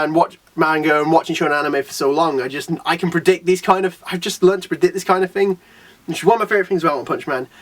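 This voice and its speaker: High-voiced guy rambling thru a manga review, super up-and-down pitch, kinda far from the mic. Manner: animated, rambling, lots of "like" and acted-out quotes. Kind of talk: casual chapter review.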